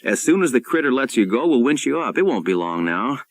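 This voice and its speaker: A man's voice: medium pitch, big pitch swings, a little fast, no echo, studio quality, voice pushed up. A man voicing a blunt, plain-spoken boat captain talking over a radio link. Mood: reassuring.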